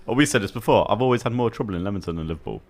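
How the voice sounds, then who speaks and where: A man's voice: lowish voice, animated, rapid-fire, a little mellow. A man co-hosting a casual podcast, dropping dry short quips and telling his own story. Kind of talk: casual chat.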